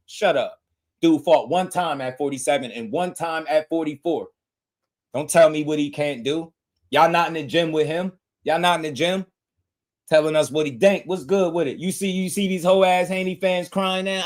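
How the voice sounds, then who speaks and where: A man's voice: mid-range voice, moderate pace. A man hosting a boxing livestream, talking heated and blunt to his chat with lots of slang. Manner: fired-up, blunt, slangy, talks straight to chat.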